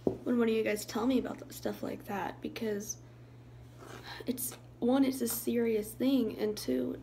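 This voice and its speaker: A young woman talking to her viewers in a soft, halting way, sometimes dropping into a hushed, whispery voice. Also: fairly high pitch, fairly even intonation, creaky, slight background noise, poor audio. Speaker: YouTuber. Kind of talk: emotional vlog talk to viewers.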